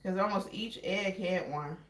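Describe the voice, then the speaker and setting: A woman's voice: medium pitch, measured pace, reverberant. A woman hosting a casual cooking vlog at home, chatting to viewers as she shows her ingredients. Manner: chatty, addresses viewers as y'all. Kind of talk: casual cooking demo chat. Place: home kitchen.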